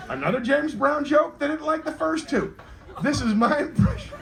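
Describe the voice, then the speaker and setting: A man doing a fast, jokey stand-up comedy routine and bantering with the audience. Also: a little high. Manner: quick, jokey, banters with the crowd. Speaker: comedian host. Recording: live show with loud crowd noise. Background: loud crowd laughing.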